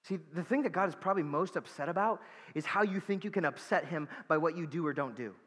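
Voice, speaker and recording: A man's voice: fairly high pitch, fast talker, fairly bright tone, in a large hall. A man preaching a sermon as pastor, earnest and emphatic, repeating key words for weight and dropping in casual asides.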